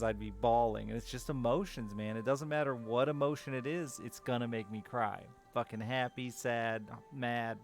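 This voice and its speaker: Guy streaming and chatting w chat, gravelly voice, faint music behind him, swears casually, pretty open about his feelings. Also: mid-range voice. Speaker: live streamer.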